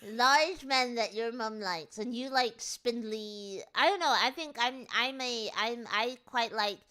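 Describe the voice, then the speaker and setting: Brief: young woman host, bright and lifted, excitable chatter, quick giggles. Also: fairly high pitch. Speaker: VTuber streamer host. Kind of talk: casual chat.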